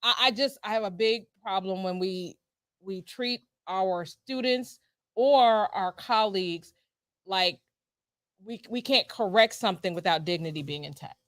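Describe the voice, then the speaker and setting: A woman, a former school principal, chatting casually as a co-host, telling stories with a lively, repeating way of talking. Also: medium pitch, a little slow, dry recording, clean studio sound. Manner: storytelling, animated, repeats words, laughs often. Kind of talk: casual conversational chat.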